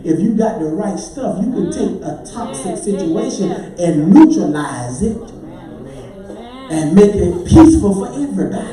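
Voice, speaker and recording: A man's voice: high-pitched, mellow. A man preaching a sermon as pastor, rhythmic and building to sung, hollered climaxes. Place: large church sanctuary. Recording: echoey church hall, mic at a distance.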